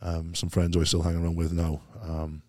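A man's voice: sits low, completely flat delivery, fairly quick, warm tone, no echo, clean studio sound. A Welsh man telling stories as a podcast guest, rambling and laughing easily, full of British slang. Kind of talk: casual chat.

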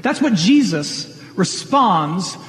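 Pastor, male, slightly high voice, earnest conversational sermon, long hall reverb. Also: very animated, slow pace. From Michigan. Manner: earnest, conversational preaching with rhetorical questions.

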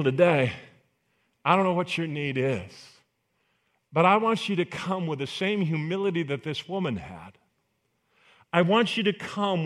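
Male pastor, sermon delivery, higher voice, lively pitch, acts out voices. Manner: animated, acts out voices of biblical figures.

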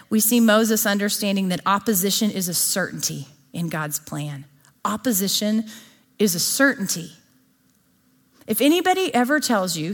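A woman preaching a sermon to a live audience in a conversational way, often asking her listeners questions. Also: mid-range voice. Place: church or gathering before an audience.

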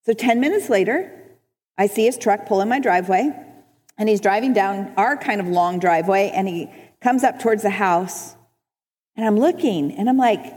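A woman's voice: on the high side, measured pace. A woman telling an emotional personal testimony as a speaker at a church service. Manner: animated, emotional storyteller. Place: church hall. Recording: reverberant church hall.

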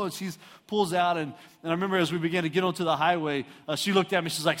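A man's voice: high-pitched, quick pace. A middle-aged man from Houston, Texas, telling funny, self-mocking stories as a preacher and acting out the voices. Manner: animated, self-mocking storyteller who acts out voices. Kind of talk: storytelling sermon. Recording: reverberant hall.

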